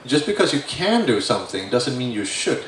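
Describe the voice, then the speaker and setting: A man's voice: medium pitch, very animated, normal speed, a bit bright. A middle-aged male record producer speaking frankly and bluntly with dry humor in a panel discussion. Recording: echoey room, distant mic, faint noise.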